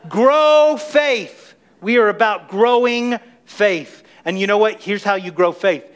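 A middle-aged man preaching a sermon as pastor of his church, emphatic and energetic, calling on the congregation to respond. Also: sits high, slow, smooth. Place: church sanctuary.

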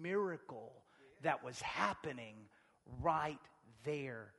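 A man preaching a sermon, swinging from hushed near-whispers to shouted passages. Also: on the high side, expressive, slow, vocal fry, long reverb tail.

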